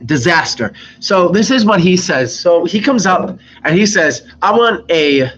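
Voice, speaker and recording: A man's voice: high-pitched, lively intonation, a little slow, a bit bright, muffled recording, slight background noise. Young man ranting about work stories. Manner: rambling, swears freely, acts out customers. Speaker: vlogger. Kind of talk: casual storytelling.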